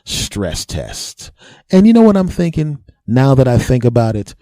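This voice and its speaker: A middle-aged male podcast host spins a boastful, self-mocking comic tale. His voice is mellow and warm, recorded close and dry. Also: medium pitch, wildly swooping pitch, unhurried, dry recording. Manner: self-mocking, boastful, laughs at own jokes. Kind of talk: comic storytelling monologue.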